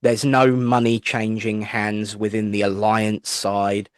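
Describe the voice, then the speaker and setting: A man's voice: on the low side, level tone, slow pace, dry recording, clean studio sound. An English man with a chatty, rambling way of telling stories, a spiritualist minister answering interview questions and acting out the voices of people he quotes. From England. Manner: chatty, rambling anecdotes with playful asides; acts out voices when quoting people. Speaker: guest, spiritualist minister and medium. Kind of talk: interview, storytelling.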